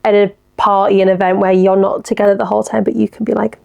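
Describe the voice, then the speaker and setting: A woman's voice: mid-range voice, flat delivery, fast talker, gravelly, mellow, highs cut off. A young woman hosting a podcast alone, chatting casually and giggling as she reacts to listener messages. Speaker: podcast host. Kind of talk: casual solo podcast chat.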